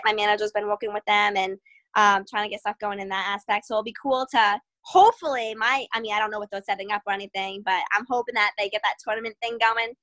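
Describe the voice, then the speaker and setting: A young adult woman, an MMA fighter, telling stories in an interview in a lively way, quick, full of "like" and laughter. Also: mid-range voice. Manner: animated, fast, full of "like" and laughter. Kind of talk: casual storytelling interview.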